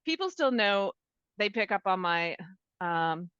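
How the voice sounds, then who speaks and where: A middle-aged woman from Maine tells cruise stories in a lively, chatty way. Her voice sits at an ordinary pitch. The recording is dry and somewhat muffled. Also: unhurried, smooth, no room sound. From Maine, USA. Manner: chatty, animated storyteller. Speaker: podcast co-host. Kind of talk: casual travel chat. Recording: dull, dry lo-fi sound.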